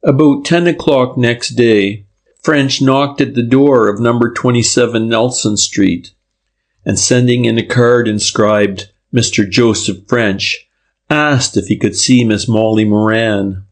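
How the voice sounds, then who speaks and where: A man narrating a classic detective novel in a steady, measured reading. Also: mid-range voice. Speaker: audiobook narrator. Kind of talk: scripted narration.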